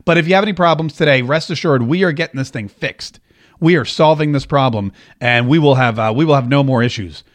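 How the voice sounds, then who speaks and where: Hosting his own radio and podcast show from a home studio, a man from the Jacksonville, Florida area delivers a casual comedic monologue. At medium pitch and a fairly quick pace, he tells a rambling story that pokes fun at himself in a joking way.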